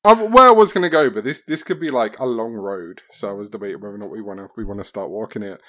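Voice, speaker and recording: A man's voice: fairly low pitch, fast, over loud music. A man co-hosting a casual film podcast, joking and teasing. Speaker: podcast co-host.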